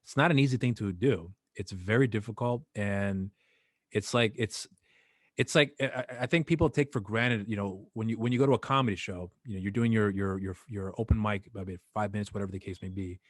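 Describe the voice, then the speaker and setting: A man hosting a podcast in casual chat, talking haltingly with many fillers and restarts. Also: on the low side, no room sound. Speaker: podcast host.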